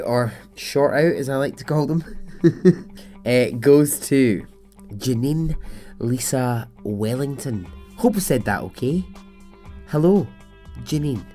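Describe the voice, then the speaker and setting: A man's voice: mid-range voice, darkish tone. A man hosting a storytelling podcast, talking in a chatty way and laughing often. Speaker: podcast host.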